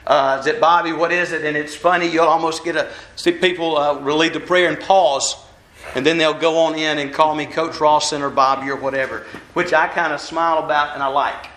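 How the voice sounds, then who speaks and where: A man's voice: a little high, fairly even intonation, brisk, bright, forceful tone. A man giving a folksy, self-deprecating sermon as a minister, walking around as he talks. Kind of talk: conversational sermon. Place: church hall. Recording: echoey church hall.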